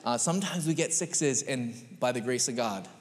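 A man's voice: medium pitch, moderate pace. Man, pastor in his thirties, casual storytelling sermon, long reverb from the church hall. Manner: chatty, storytelling, animated voices. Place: church sanctuary.

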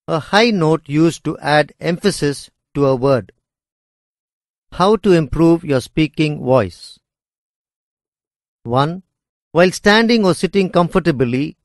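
A man reading a scripted lesson on speaking skills in a measured, deliberate way. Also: a little high, no echo, studio quality. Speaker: instructor.

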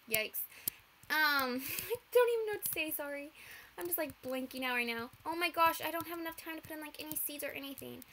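Young woman gamer, high voice, freaking out and rushing while she plays, lots of sorrys. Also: bright, forceful tone, slight background noise. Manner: flustered, rushed, apologetic, giggly. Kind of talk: live gameplay commentary.

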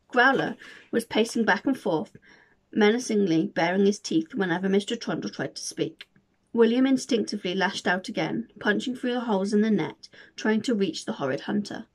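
A woman reading a children's storybook aloud with expressive, dramatic storytelling. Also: medium pitch, vocal fry. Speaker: volunteer reader.

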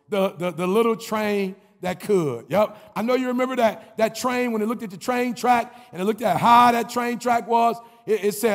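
A man delivering an energetic motivational commencement speech, repeating lines, shouting at the peaks and calling for the crowd to answer. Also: high voice, brisk, creaky, few pauses, in a large hall. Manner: energetic, repetitive, call-and-response, shouting at peaks. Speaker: commencement speaker.

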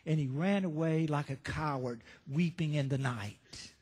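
Man preaching in a church, high-ish voice, lots of questions to the pews, long echo. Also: measured pace, a little mellow, slightly rough. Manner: storytelling, rhetorical questions to the congregation. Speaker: pastor. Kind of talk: sermon. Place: church sanctuary. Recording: reverberant church hall.

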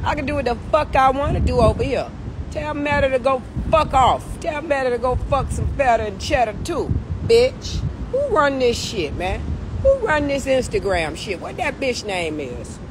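A woman ranting on a livestream, cursing hotly, her pitch swinging widely. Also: lively intonation, moderate pace, background noise. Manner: profane, heated ranting with big pitch swings. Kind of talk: livestream rant.

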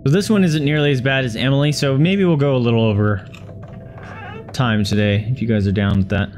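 A man's voice: medium pitch, fairly quick, a little mellow, soft background music. A man commentating a horror game in a panic, swearing and repeating words in frantic bursts. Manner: swears and yelps at scares. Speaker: gaming video host. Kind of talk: frightened let's-play commentary.

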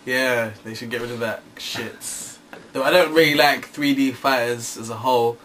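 A man's voice: mid-range voice, steady tone, normal speed, fairly bright tone, distant mic. A young man in casual chat as co-host, jokey and profane, laughing often. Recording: faint background hiss.

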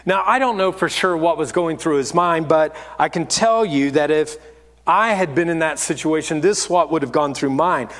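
A man's voice: fairly high pitch, moderate pace, a bit bright. A man giving a sermon as lead pastor, telling stories in a candid, self-deprecating way. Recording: long hall reverb.

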